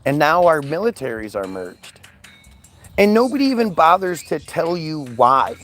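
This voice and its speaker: A man's voice: a little high, big pitch swings, normal speed, fairly bright tone. A man ranting angrily in a commentary video, profane and sarcastic, and at times mocking others in put-on voices.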